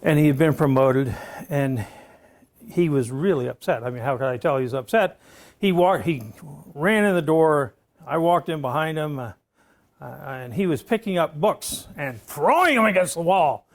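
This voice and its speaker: A man's voice: fairly high pitch, expressive, moderate pace. A man around seventy, a professor telling a long story to his class and often checking in with "okay?". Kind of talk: classroom lecture anecdote.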